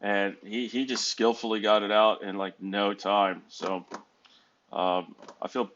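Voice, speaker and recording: Low-voiced tired American man vlogging. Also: little pitch movement, a little slow, a bit bright, lo-fi sound, slight background noise. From United States. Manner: rambling, self-correcting, wry. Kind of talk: casual vlog monologue. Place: hotel room.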